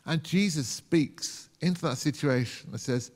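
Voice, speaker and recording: A man's voice: fairly high pitch, unhurried, darkish tone. A man from the UK preaching a sermon as a pastor, conversational, with rhetorical questions and acted-out quotes. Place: church hall. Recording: long church hall reverb.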